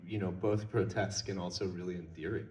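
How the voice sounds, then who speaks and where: A man hosts a film Q&A with eager, rambling questions. His voice sits on the lower side. He sounds distant in a roomy, echoing hall with faint background noise. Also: fairly even intonation, brisk, a little mellow. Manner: enthusiastic, rambling questions with fillers. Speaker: Q&A moderator. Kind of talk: conversational interviewing. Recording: echoey hall, from far off.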